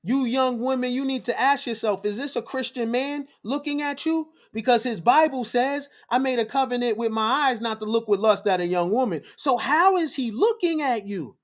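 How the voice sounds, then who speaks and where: A man's voice: very high-pitched, normal speed, few pauses. A man hosting a livestream, lecturing his viewers in a fiery, preachy monologue, repeating phrases for emphasis. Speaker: livestream host.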